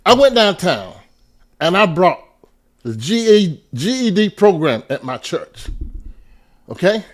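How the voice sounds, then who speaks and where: Lively, laughing pastor. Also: male voice, high-pitched, measured pace. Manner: laughs often, builds to loud bursts. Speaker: pastor and podcast guest. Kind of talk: animated storytelling in casual conversation.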